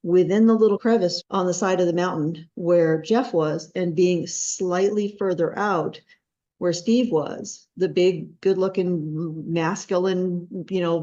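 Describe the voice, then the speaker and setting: A woman hosting an interview, telling a long story and acting out the quotes with big jumps in pitch. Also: slow, dark tone, lo-fi sound. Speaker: host.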